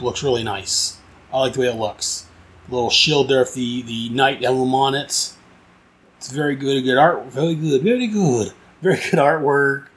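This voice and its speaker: A man casually reviewing a comic book, rambling and enthusiastic, with frequent restarts and fillers. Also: medium pitch.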